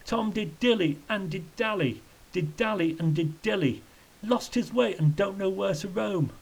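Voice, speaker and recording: A man's voice: a little high, measured pace, darkish tone, low-quality recording. A man voicing a wretched, childlike male tramp who wails in sing-song rhymes for a storybook reading. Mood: wailing. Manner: sing-song rhyming wail.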